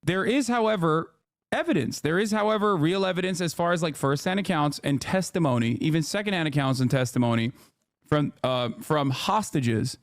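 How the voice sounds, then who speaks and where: A man streaming live, reacting to a clip and arguing his point in a heated, sarcastic way with quick restarts and fillers. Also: fairly high pitch, animated. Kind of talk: casual stream commentary.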